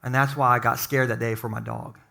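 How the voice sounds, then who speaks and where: A man playing a lonely, grumpy widowed older woman, talking softly, sadly and confidingly. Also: fairly high pitch, lively intonation, brisk, voice pushed down. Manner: soft, sad and confiding.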